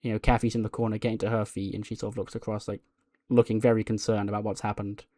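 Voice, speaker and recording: A man's voice: lowish voice, level tone, fast talker, dark tone, dry recording, clean studio sound. A man casually narrating a game playthrough in a rambling way, laughing often. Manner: rambling, laughing, lots of fillers. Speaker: game streamer.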